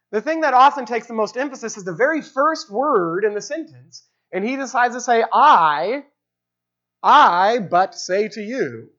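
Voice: medium pitch, fairly bright tone. A preacher giving an expository sermon, explaining the original language of a text and repeating key phrases for emphasis. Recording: dull lo-fi recording.

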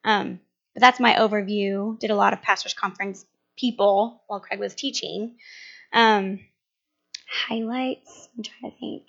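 A woman with a Minnesotan accent tells a church group about a medical mission trip in a chatty, unpolished way, full of "um"s and quick restarts. Her voice sits at an ordinary pitch but has a bright, forward edge. It comes through a handheld microphone on a dull, lo-fi recording. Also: steady tone, creaky. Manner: chatty, many fillers, quick self-corrections. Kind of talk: casual spoken report to a church group. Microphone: large handheld microphone. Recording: dull lo-fi sound.

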